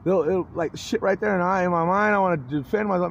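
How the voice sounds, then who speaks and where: A middle-aged man talks on and on in a slightly high voice, agitated and heavy with swearing, his sentences often breaking off and starting over. The recording sounds dull and lo-fi. Faint traffic hums in the background. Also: fast talker, gravelly. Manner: rambling and agitated, with frequent restarts; profane, swears heavily. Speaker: vlogger. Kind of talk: rambling personal monologue.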